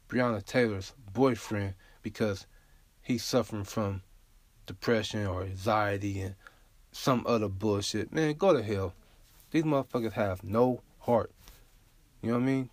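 A podcast host goes solo, talking bluntly and profanely in a casual, unfiltered way and often asking "you feel me?" His voice is fairly low with a darkish tone, and the recording is dry.

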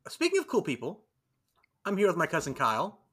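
Animated podcast host. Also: male voice, a little high, fairly quick, husky. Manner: animated, laughing, self-deprecating. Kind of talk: casual podcast chat.

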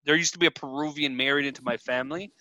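Podcast co-host, male, bright crisp tone, raunchy joking banter, close dry mic. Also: a little high, racing, dry recording. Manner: laughs often, swears freely, animated storytelling. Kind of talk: crude casual banter.

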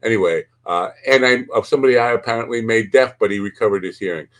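A man's voice: lowish voice, quick pace, fairly bright tone. A man hosting a podcast, chatting casually in a rambling, crude, joking way. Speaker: podcast host. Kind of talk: casual chat.

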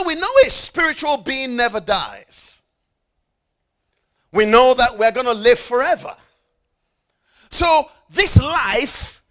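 In a sermon, a man with a very high voice and sharp tone speaks emphatically, repeating key phrases and leading the congregation in call-and-response. He takes stressed phrases slowly and speeds through asides.

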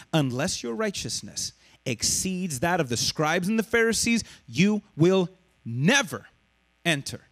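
A man preaching a sermon, asking the congregation questions and dropping to a hush to stress a point. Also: sits high. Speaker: pastor.

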